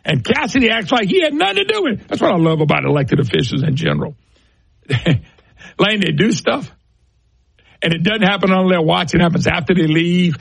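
A man's voice: high-pitched, very animated, brisk, vocal fry, fairly bright tone, slightly rough, no echo. A middle-aged man hosting a political talk radio show, ranting scornfully and firing off rhetorical questions.

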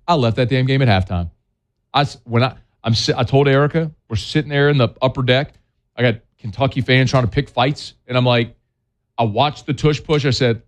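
A man hosting a sports talk show, giving blunt, scolding opinions in a plainspoken way. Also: medium pitch. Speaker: sports talk radio host.

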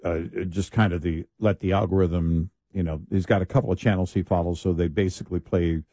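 Deep mellow guy, chill, mostly just agreeing, dry mic. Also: fairly even intonation, dry recording. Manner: listens with short agreements, unhurried. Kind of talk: casual chat.

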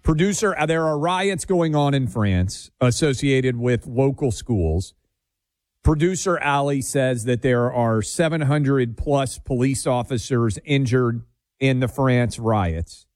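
An opinionated man co-hosting a talk radio show, bantering in a casual, joking way. He is from Nashville. His voice sits at an ordinary pitch, and the studio sound is dry, with faint music underneath. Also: takes it slowly, darkish tone, dry recording. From Nashville, Tennessee. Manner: opinionated, jokey, self-deprecating.

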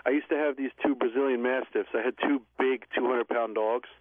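A man co-hosting a talk show, telling a story in a quick, relaxed way. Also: mid-range voice, dry recording. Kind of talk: casual chat. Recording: dry, phone-like sound.

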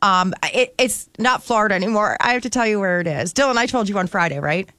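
A woman's voice: medium pitch, fast talker, bright, forceful tone, dry recording. A woman chatting casually on a radio show, telling stories in a playful, chatty way. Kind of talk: casual chat.

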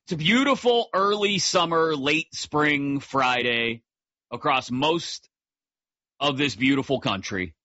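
Upbeat, bright-voiced male sports radio host. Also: fairly high pitch, no echo, highs cut off. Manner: energetic, jokey, fast asides. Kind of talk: live sports talk radio.

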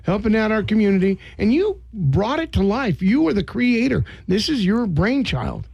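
A man hosting a radio interview in a studio, talking quickly and teasing his guests in a joking way. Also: high-pitched, big pitch swings, gravelly, a little mellow, husky, no echo, dull audio. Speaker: radio host.

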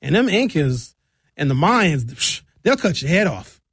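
A male host giving casual, opinionated call-in commentary in an animated, joking way. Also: a little high, a little slow, breathy edge, no room sound.

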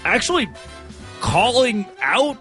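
A man's voice: very high voice, sing-song, slow, bright, forceful tone, faint music behind. A man hosting a morning sports talk radio show with a brash, hyped-up delivery.

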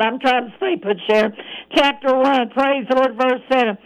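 A woman preaching a radio sermon, breaking every phrase with "praise the Lord" and reading scripture slowly. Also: high voice, a little hiss or hum, rough recording. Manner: reads scripture aloud in a slow, measured voice.

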